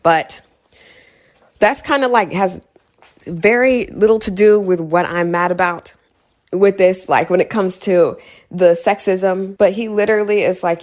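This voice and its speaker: A woman's voice: medium pitch, fairly even intonation, measured pace, a little mellow. A young woman giving a heated, exasperated casual recap of a movie, repeating points for emphasis. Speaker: video creator.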